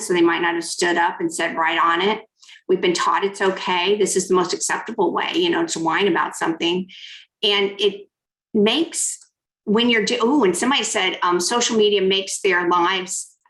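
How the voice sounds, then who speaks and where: Poor audio and an echoey room frame a woman's somewhat low, slightly bright voice. Running an interactive online workshop on negotiation as a keynote, she walks the audience through hand exercises and reads their typed remarks aloud.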